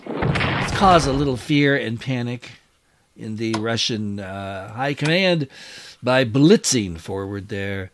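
A gaming channel host with a mid-range voice and slow pace narrates a let's-play of a strategy wargame, thinking aloud about each move and cheering when an attack succeeds. Loud artillery and gunfire from the game play behind his voice.

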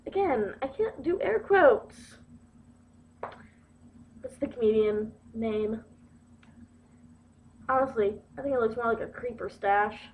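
A young woman vlogs casually to her camera, her high voice drifting along at an easy, slow pace. She giggles and makes fun of herself as she goes. The webcam audio is muffled and lo-fi. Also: slight background noise. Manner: giggly, playful and self-mocking. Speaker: video blogger.

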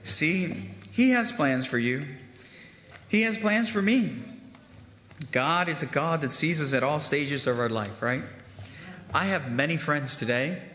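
Guy preaching hard, bright fervent voice, spanish-speaking accent, big echoey church with long reverb. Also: fairly high pitch, slight background noise. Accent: Spanish-speaking bilingual. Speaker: guest preacher. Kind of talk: sermon. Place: church sanctuary.

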